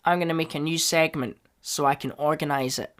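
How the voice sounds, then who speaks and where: A man hosting a solo podcast, rambling casually and bursting into loud enthusiasm. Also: a little high, steady tone, brisk, clear, resonant tone. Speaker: podcast host.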